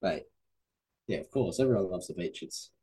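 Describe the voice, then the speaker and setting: Laid-back guest, husky low voice. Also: male voice, lively intonation, moderate pace, mellow, low-quality recording. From Australia. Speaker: guest co-host. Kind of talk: casual chat.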